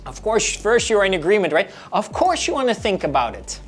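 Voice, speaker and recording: Animated woman coaching real estate sales. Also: medium pitch, brisk, soft background music. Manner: animated, acts out client dialogues. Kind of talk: instructional video lesson.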